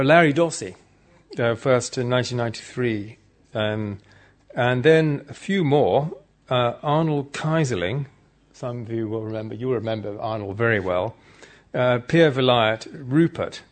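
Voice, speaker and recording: A man giving an informal, good-humored conference talk, chatting directly with the audience. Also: mid-range voice. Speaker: conference speaker.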